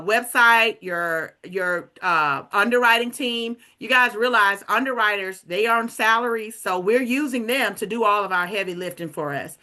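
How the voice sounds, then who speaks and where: A woman presenting on an online group call, energetically pitching a work-from-home business and hyping up her team. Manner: energetic, hypes up others, casual asides like "guys" and "okay". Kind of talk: enthusiastic sales pitch.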